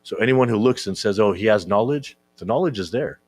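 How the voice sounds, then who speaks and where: Low-voiced man giving an informal sermon. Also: expressive, a little fast. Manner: conversational, keeps asking "right?"; repeats words when searching for them. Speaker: speaker at a religious gathering. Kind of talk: informal sermon to young listeners.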